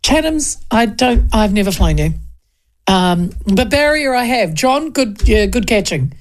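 A woman's voice: fairly high pitch, big pitch swings, measured pace. A middle-aged New Zealand woman hosting talkback radio, chatting casually, reading out listener messages and telling cheeky stories.

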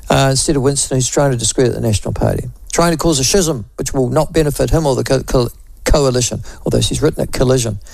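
A man's voice: mid-range voice, fast, creaky, darkish tone, no room sound. A man with a New Zealand accent hosting talkback radio, chatting wryly and reading out listener messages. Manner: chatty, wry, self-deprecating asides.

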